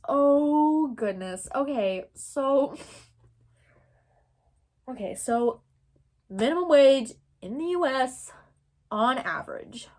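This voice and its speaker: A young woman from Texas giving casual commentary, thinking aloud and rambling with lots of filler words. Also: on the high side. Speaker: commentary creator.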